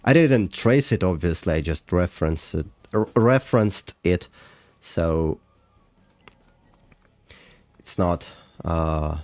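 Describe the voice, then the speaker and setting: Deep, slow-talking man, hesitant. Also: animated, a little mellow, dry recording. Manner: hesitant, many fillers and restarts. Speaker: animator streaming a breakdown. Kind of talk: casual livestream chat. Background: faint music.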